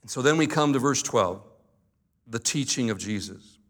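Delivering his sermon with earnest emphasis, this pastor slows on important words and tosses in lighthearted jokes. He has a mid-range, animated voice.

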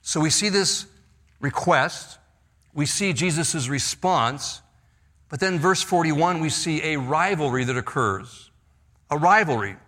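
A man's voice: on the high side, animated, a little slow, fairly bright tone. A man preaching a sermon, explaining scripture verse by verse and acting out the lines he quotes. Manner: expository preaching, reads scripture with emphasis; acts out quoted lines, laughs lightly. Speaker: pastor.

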